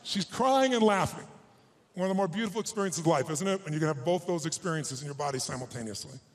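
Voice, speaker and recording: A middle-aged man speaks from the stage in a voice that sits a little high for a man. He tells a personal story with feeling and presses his audience to act. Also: racing. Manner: emotional storytelling, emphatic and exhorting. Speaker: motivational speaker. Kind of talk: live stage talk to an audience.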